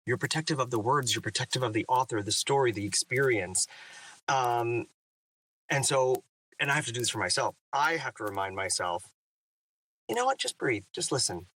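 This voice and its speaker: A man who narrates audiobooks reflects on his craft in an interview. His voice is bright and energetic, and his thoughtful talk stays animated. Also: medium pitch, a little fast, distant mic, poor audio.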